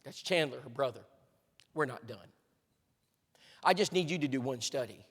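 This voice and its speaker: A man preaching and telling a story at an evangelism workshop, earnest and emphatic, dropping to a hush and rising again. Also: mid-range voice, normal speed, husky, in a large hall. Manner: earnest, emphatic, shifting between hushed and animated. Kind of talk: sermon storytelling.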